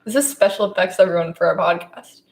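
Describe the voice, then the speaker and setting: A woman's voice: fairly low pitch, quick pace, creaky. Young woman, podcast co-host, teasing, giggly, casual chat, echoey room.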